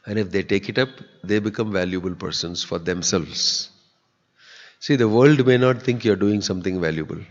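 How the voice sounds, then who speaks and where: A man's voice: lowish voice, normal speed. A man giving a sermon in a temple hall, earnest and conversational. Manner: earnest, conversational, acts out quoted people. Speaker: spiritual teacher giving a discourse. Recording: dull lo-fi audio with long hall reverb.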